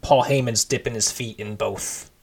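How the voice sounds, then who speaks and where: A man co-hosting a casual podcast, recapping wrestling in an animated, sarcastic way. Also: mid-range voice, normal speed, vocal fry, husky. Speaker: podcast co-host.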